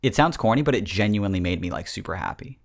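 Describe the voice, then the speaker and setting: Man, low voice, swings up and down a lot, rambling jokey podcast host, casual chat. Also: expressive, quick pace, vocal fry. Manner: rambling, self-mocking, jokey. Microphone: podcast microphone.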